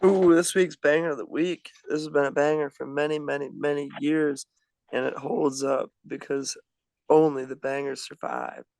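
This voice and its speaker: Upbeat male co-host, gravelly voice pitched a little high, dry close sound. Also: steady tone, moderate pace, a little mellow, dry recording. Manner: upbeat, enthusiastic, gushing. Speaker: podcast co-host. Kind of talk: casual podcast chat.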